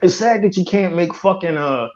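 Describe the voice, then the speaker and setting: A high-pitched man from the Philadelphia area co-hosts a casual podcast, telling loud, profane, animated stories at a moderate pace and slipping into impressions. The stream audio is dull and lo-fi.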